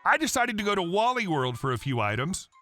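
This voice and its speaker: A man reading a story aloud in an even storytelling manner, as the regular narrator of a story channel. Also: sits high, fairly quick, soft background music. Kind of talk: scripted narration.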